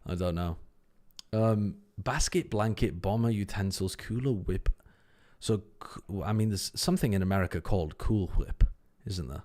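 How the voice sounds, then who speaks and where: The stream host's voice is low and darkish, moving at a moderate pace as he puzzles over words aloud. It's a casual broadcast, full of under-the-breath repetitions and easygoing swearing.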